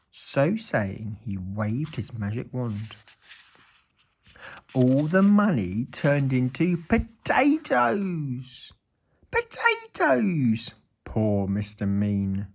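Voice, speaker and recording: A man reading a children's story aloud in an expressive, playful way. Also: lowish voice, slow, vocal fry, slightly rough.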